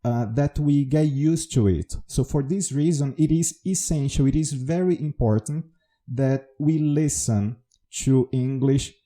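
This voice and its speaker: A man's voice: medium pitch, a little slow, mellow. A man from Brazil with a Baiano Brazilian Portuguese accent, a native Portuguese speaker, hosting a solo educational podcast in an explanatory, teacherly way. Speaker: podcast host, English teacher.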